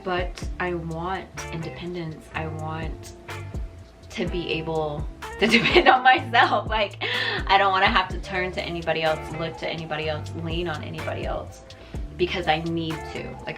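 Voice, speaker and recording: A woman's voice: low-pitched, normal speed. A woman in her twenties vlogging, talking candidly and reflectively with plenty of swearing. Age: 20s. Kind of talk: confessional casual chat to camera. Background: background beat music.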